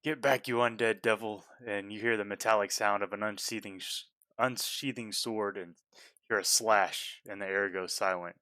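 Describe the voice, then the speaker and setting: Lower, smooth-voiced male game master, halting delivery. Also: steady tone, sharp tone, no echo. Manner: halting, full of fillers and restarts. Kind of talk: narrating a tabletop game.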